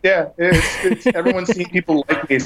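A man's voice: sits high, steady tone, moderate pace, noisy background. A man calling in to a podcast from the road, talking about leading motorcycle tours. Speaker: motorcycle tour guide. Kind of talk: casual interview. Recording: phone call.

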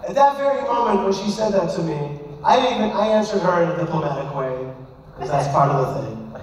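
A man's voice: high-pitched, lively intonation, brisk, background noise. A man, a rabbi, telling an emphatic, impassioned story to a live audience. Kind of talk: storytelling speech. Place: large hall. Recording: echoey hall from far off.

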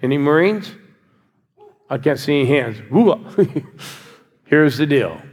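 A man's voice: on the high side, lively intonation, slow, husky. An older man preaching a sermon, coaxing his congregation to answer back and cheer. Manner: exhorting, coaxing a congregation with call-and-response. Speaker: pastor. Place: large church hall. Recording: church hall with long reverb.

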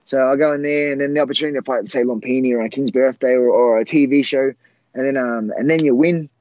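A man in his forties, a former fighter, telling old fight stories in a rambling, halting way, full of fillers and restarts. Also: medium pitch, darkish tone, no room sound, dull audio. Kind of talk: casual storytelling.

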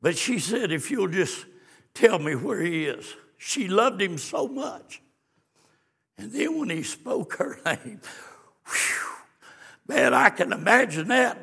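A man preaching a fiery sermon, swinging from hushed storytelling to shouted exclamations. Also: high-pitched, very animated, slow pace, vocal fry, long pauses, slightly rough. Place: church sanctuary. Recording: long church reverb.

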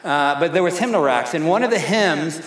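A middle-aged pastor preaching a sermon in a church, slow and emphatic, repeating his key phrases. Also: fairly high pitch, lively intonation, a bit bright. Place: church sanctuary. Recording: echoey hall reverb.

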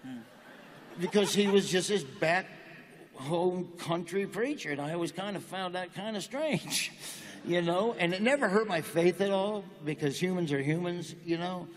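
A man telling folksy, deadpan jokes as a guest in an interview. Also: high voice, moderate pace. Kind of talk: joking interview talk. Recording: long reverb of a large hall.

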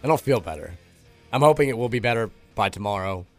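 A hoarse man hosting a sports talk radio show, quick and chatty with frequent restarts, on a studio microphone. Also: on the low side, expressive, soft background music.

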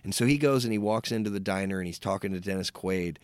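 Animated, low-voiced man retelling a film. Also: quick pace, clean tone, no room sound. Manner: animated storyteller, swears freely, acts out quotes. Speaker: podcast co-host. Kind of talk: casual movie recap chat.

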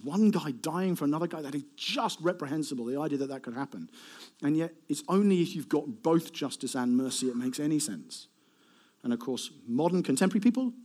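Guy preaching to a crowd, kinda high voice, chatty and animated, makes asides to the room. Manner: animated, conversational, with asides to the congregation. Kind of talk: sermon. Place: warm hall with a live congregation.

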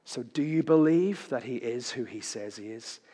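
A man's voice: mid-range voice, animated, moderate pace, slightly rough. Man preaching in a reverberant hall. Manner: dramatic shifts between loud declarations and hushed lines; playful, punchy rhetorical questions. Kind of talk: sermon.

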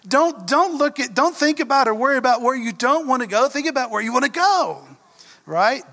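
Extremely high and sharp, this middle-aged pastor's voice moves expressively and a little fast. He preaches in a Southern drawl, earnestly questioning the congregation, while the church hall echoes around him.

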